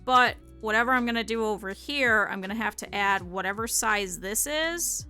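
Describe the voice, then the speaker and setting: At an ordinary pace and medium pitch, this young woman has a sharp tone, with faint music playing behind her. She hangs out with her stream audience as she sketches a sewing pattern, reasoning out loud and responding to the chat in casual crafting talk.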